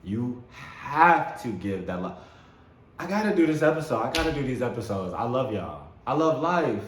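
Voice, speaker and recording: A man hosts a spiritual self-help talk in a medium-pitched, sing-song voice at a moderate pace. He sounds enthusiastic, repeats words, and laughs often. The recording has a roomy echo and faint background noise.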